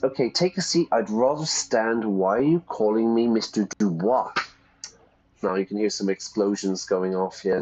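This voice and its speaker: A man's voice: lowish voice, darkish tone, highs cut off. Chatty man teaching English while gaming. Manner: chatty, explains words for learners. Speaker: English teacher playing a game on stream. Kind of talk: live-stream commentary and reading aloud.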